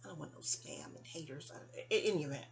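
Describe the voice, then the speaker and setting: A woman's voice: low-pitched, wildly swooping pitch, quick pace. A middle-aged woman in a rambling, candid personal monologue addressed to her mother. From New York. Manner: rambling, digressive, candid, stumbling restarts. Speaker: vlogger.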